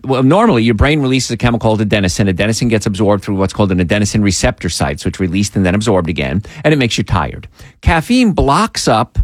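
On his call-in health radio program, a man with a fairly low voice talks into a studio mic with no echo. His manner is emphatic and lively, and he adds pleading asides.

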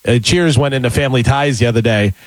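A man's voice: medium pitch, fast, no room sound. Eager male radio co-host. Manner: enthusiastic, chatty about movies. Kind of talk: casual morning show banter.

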